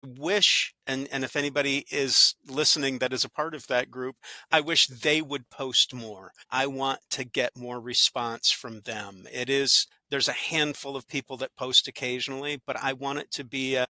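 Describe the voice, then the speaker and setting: An actor who hosts a good-news podcast chats upbeat as an interview guest, telling stories and occasionally acting out little quoted voices. His medium-pitched voice is sharp in tone with fairly even intonation and normal speed, with no room sound.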